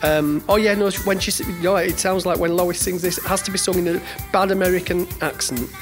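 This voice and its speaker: A man's voice: sits high, steady tone, a little fast, music in the background. A man co-hosting a podcast in casual chat, rambling with lots of restarts and fillers. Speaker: podcast co-host.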